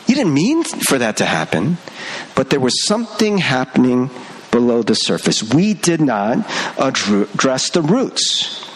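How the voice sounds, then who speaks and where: A young male pastor giving a sermon in an animated, conversational way, laughing between points and talking straight to the congregation. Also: mid-range voice, measured pace.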